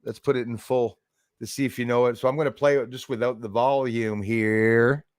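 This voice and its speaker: A man's voice: medium pitch, fairly even intonation, normal speed, clear, resonant tone, no echo, studio quality. A man hosting a casual live stream, chatting with his co-host in an easygoing, encouraging way. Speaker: channel host.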